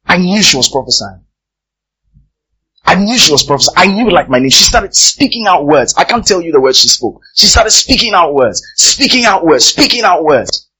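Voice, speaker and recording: Brief: male preacher delivering a sermon with an animated swing in pitch, hammering lines by repetition. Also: moderate pace, husky, rough recording. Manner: emphatic, repeats phrases for effect.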